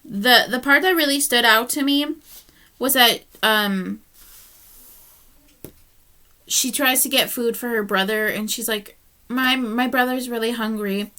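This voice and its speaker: A woman's voice: fairly high pitch, slow, long pauses, bright, forceful tone. A woman reviewing books in a casual vlog, chatty and heartfelt, tired and yawning as she rambles. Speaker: book reviewer.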